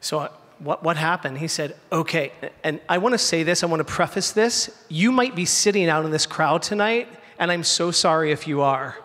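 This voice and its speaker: A man telling a true personal story on stage before a live audience, animated and slowing down for punchlines. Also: fairly high pitch. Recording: hall reverb, faint ambience.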